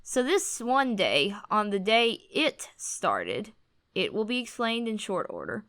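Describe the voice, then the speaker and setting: A woman's voice: medium pitch, very animated, slow pace, fairly bright tone. A woman reading a first-person blog post aloud with wry, amused storytelling. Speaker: reader on a commentary channel.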